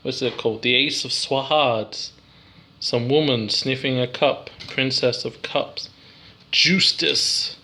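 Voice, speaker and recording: A man's voice: medium pitch, fairly even intonation, slow pace, pushed and bright. A young English man rambling through a casual, giggly, self-deprecating card review.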